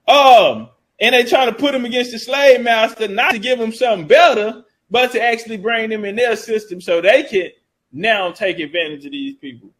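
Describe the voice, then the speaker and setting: A man's voice: sits high, brisk, a bit bright, low-quality recording. A man giving casual history commentary, reading source passages aloud and riffing on them in loose, profane street talk.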